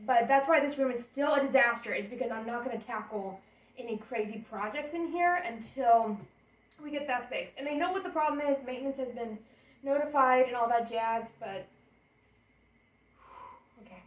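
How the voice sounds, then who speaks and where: A young woman with a slightly high voice talks fairly quickly, chatting and rambling as she unpacks baby gear in her apartment bedroom for a home vlog, thinking aloud the whole time. The camera sits a bit far off, giving a roomy sound, with a portable air conditioner humming behind her.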